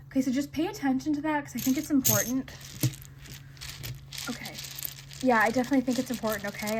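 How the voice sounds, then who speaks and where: A woman doing a relaxed tarot reading straight to camera, her voice sitting a little high. She talks in a chatty, reassuring flow full of little fillers. A faint hiss runs under the recording. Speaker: tarot reader. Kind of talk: casual intuitive reading to camera.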